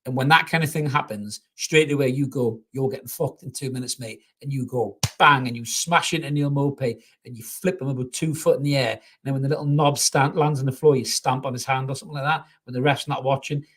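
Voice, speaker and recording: Sweary football fan host. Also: male voice, medium pitch, a bit bright. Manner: blunt, sweary and passionate. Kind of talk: live match reaction with chat comments.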